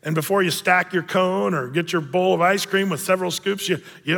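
A man's voice: high-pitched, a little fast, vocal fry, hardly any pauses, fairly bright tone, in a large hall. A man preaching a sermon as a pastor, in a conversational way with joking asides.

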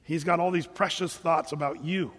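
Man, pastor, high voice, lively Bible teaching, reads verses aloud, long hall echo. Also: moderate pace. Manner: conversational, enthusiastic, reads scripture aloud.

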